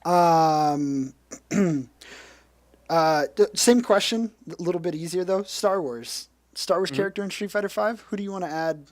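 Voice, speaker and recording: A middle-aged man hosts a casual chat, laid-back and quick to laugh as he asks questions. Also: sits high, no room sound.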